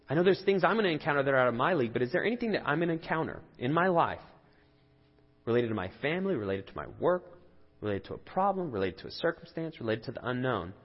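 A man's voice: mid-range voice, slightly rough. A man in his thirties preaching a sermon as a pastor, telling a story in an earnest, conversational way with rising emphasis. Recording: dull lo-fi audio with long hall reverb.

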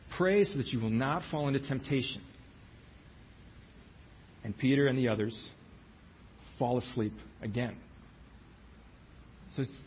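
A man's voice: medium pitch, dull audio, slight background noise. A man preaching a sermon, retelling scripture in a storytelling manner and giving the quoted lines their own voices.

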